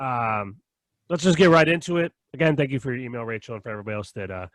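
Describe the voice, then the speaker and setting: Man hosting a podcast, rapid-fire storyteller, dry close sound. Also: medium pitch, fairly bright tone, dry recording. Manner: rambling, laughs often, acts out quotes. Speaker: podcast host. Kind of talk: casual chat, storytelling.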